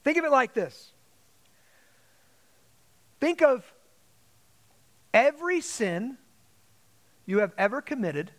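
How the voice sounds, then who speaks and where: High-voiced man preaching a sermon. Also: very animated, slow pace, long pauses. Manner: preaching with dramatic emphasis and quoted asides. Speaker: pastor.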